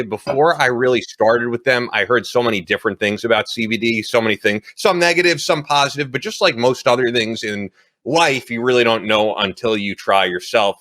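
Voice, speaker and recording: A man's voice: lowish voice, pushed and bright. Easygoing, laughing male podcast host. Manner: easygoing, laughs often, uses "like" a lot. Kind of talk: casual chat and host-read ad.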